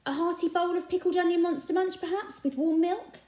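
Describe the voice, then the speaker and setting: A woman voicing a kindly, eccentric adult male shopkeeper with a gentle, earnest manner. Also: extremely high pitch, steady tone, brisk, pitched above the performer's own voice. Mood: coaxing. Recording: echoey room.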